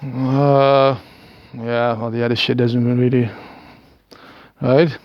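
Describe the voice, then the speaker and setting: This Dutch man in his thirties makes videos and records himself rambling hesitantly, stumbling over restarts and chuckling softly. He speaks slowly in a mid-range, level voice with a Dutch accent. The audio is dry and rather dull.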